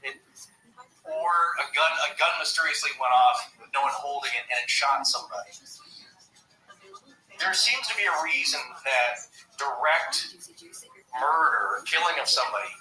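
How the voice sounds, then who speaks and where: A man's voice: medium pitch, bright, forceful tone, echoey room, distant mic, low-quality recording. A man talking casually on a podcast, rambling and acting out quoted lines as he goes. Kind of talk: casual chat about movies and the paranormal.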